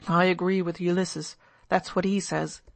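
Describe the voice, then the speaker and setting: A woman reading the part of a reckless, excitable young man in an audiobook, loud and given to wild outbursts. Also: fairly low pitch, normal speed, creaky.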